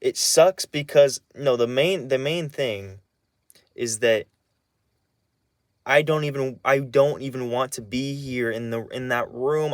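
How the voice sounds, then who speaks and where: A man's voice: mid-range voice, no room sound, clean studio sound. A young man venting angrily about his family in a personal vlog, stumbling, restarting and swearing as he talks. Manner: angry, halting, many restarts and swearing. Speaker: vlogger. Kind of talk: emotional personal rant.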